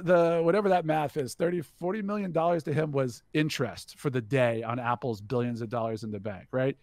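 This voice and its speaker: A middle-aged man, a company executive and podcast guest, telling a long anecdote in a lively way and slipping into other people's voices. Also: mid-range voice, no echo. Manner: animated storyteller who acts out quoted voices. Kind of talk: casual storytelling anecdote.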